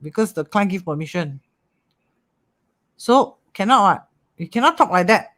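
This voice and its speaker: Metaphysics teacher, livestream class, animated, keeps checking "okay?". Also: medium pitch, moderate pace. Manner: animated, repeats "okay?" and "ah", coaxing.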